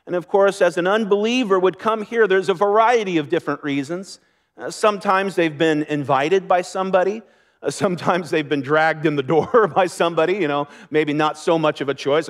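A man's voice: sits high, brisk. A man preaching a sermon as pastor, earnest and conversational, with light laughter.

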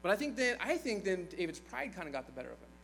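A man's voice: high-pitched, big pitch swings, quick pace, gravelly, fairly bright tone, a little hiss or hum, low-quality recording. A man preaching a sermon in a conversational way, retelling scripture with playful asides.

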